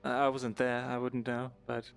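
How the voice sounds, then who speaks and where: A man's voice: medium pitch, completely flat delivery, moderate pace, creaky, soft background music, lightly acted. A man voicing a cautious, rule-bound male scribe in a live fantasy roleplay, speaking with lots of hesitant fillers and dry understatement. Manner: hesitant, many ums and uhs, dry understatement. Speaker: roleplay player.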